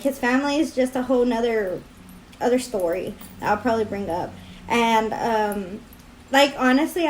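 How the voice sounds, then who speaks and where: Young woman vlogger, high voice, teary and crying, rambles with like like like. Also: a little mellow, slight background noise. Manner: rambling, filler-heavy storytelling. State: tearful, crying. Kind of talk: casual confessional vlog.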